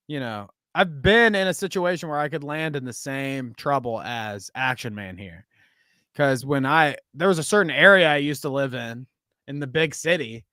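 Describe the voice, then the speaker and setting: A man's voice: fairly high pitch, bright, forceful tone, no room sound. Chuckling male podcast host, dry mic. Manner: laughs often, rambling. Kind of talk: casual chat.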